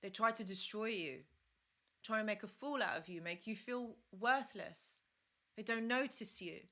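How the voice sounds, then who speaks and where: Bright-voiced woman giving earnest live advice. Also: medium pitch, moderate pace. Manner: earnest, repetitive, reads comments aloud. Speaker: live stream host, relationship advisor. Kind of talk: casual live-stream advice talk.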